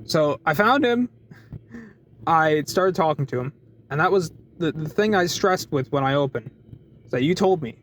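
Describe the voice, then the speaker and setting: Animated man venting about work. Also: a little high, normal speed, slight background noise, low-quality recording. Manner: animated storytelling with frequent restarts and laughs. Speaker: deli worker venting in a vlog. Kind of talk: casual chat.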